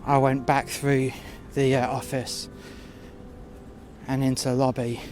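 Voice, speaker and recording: A man telling a first-person story outdoors in the cold, halting with fillers and breaking into profane outbursts. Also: medium pitch, level tone, a little mellow, soft background music.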